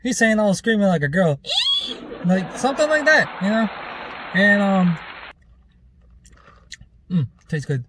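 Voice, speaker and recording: A man's voice: high-pitched, sing-song, unhurried, pauses often, fairly bright tone, a little hiss or hum. A man vlogger telling a rambling, loose story in casual chat, with plenty of fillers and some swearing.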